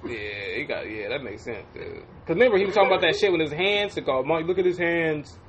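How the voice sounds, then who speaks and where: A high-pitched man riffing in loose podcast banter, his voice swinging widely up and down. He swears freely, laughs through his lines and acts out other people's quotes. A faint hiss sits under the recording. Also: fast. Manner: animated, profane, laughs often, acts out quotes. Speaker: podcast co-host. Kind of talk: casual banter.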